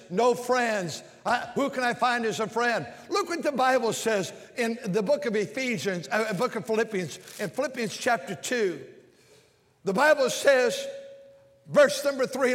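A man preaching an impassioned sermon, swinging between shouts and quiet lines. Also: extremely high pitch. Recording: long hall reverb.

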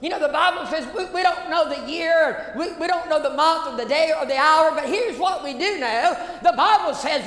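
Woman pastor, high voice, emphatic sermon, repeats lines, long hall echo. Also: normal speed, hardly any pauses, fairly bright tone. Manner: emphatic, repeats phrases, call-and-response questions. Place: church sanctuary. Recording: echoey church hall reverb.

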